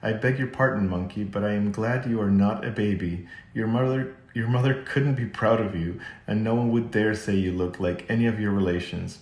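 A man voicing a kind, affectionate little girl in a storybook reading, speaking softly and coaxingly. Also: lowish voice, normal speed, few pauses, echoey room, close to an everyday voice. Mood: tender.

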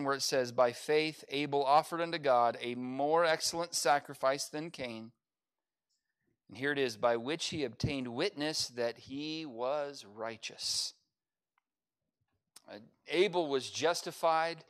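A man's voice: fairly high pitch, unhurried, a bit bright, clear, resonant tone. A middle-aged man preaching a sermon as pastor, reading scripture and adding folksy, humorous asides. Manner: folksy, humorous asides with playful mock voices.

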